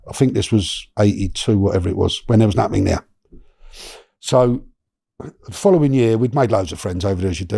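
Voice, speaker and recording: Gravelly man telling a story. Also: on the low side, no echo, clean studio sound. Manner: animated, chatty, lots of restarts and slang. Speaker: guest. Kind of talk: storytelling in a podcast interview.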